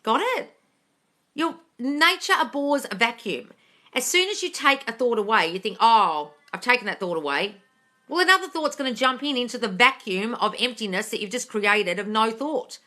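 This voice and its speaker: A woman's voice: fairly high pitch, expressive, normal speed, pushed and bright. A woman hosting a live question-and-answer stream as a coach, blunt and emphatic, swearing freely as she answers viewers. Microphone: phone or computer mic for a live stream.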